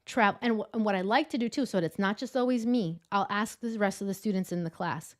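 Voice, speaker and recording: An enthusiastic woman speaks as a guest over a video call, explaining with energy. She talks in a lively, chatty teaching manner, often using filler words. Her voice sits at a middling pitch. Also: quick pace. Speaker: guest, adjunct professor of public speaking. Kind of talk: casual interview chat.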